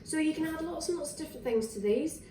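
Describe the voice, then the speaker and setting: Scottish woman, fairly high-pitched, rambling home-cooking vlog, roomy kitchen with clattering pans. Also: expressive, fast, warm tone, far from the mic, a little hiss or hum. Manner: chatty and rambling, with fillers and restarts. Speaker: wellness vlogger. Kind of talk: casual cooking demonstration. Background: clinks of dishes, cutlery and pans.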